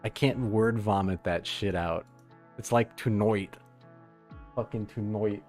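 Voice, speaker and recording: A man's voice: on the low side, slow, darkish tone, faint music behind. A man hosting a podcast live on stream, chatting loosely and swearing as he reads chat aloud. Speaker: podcast host.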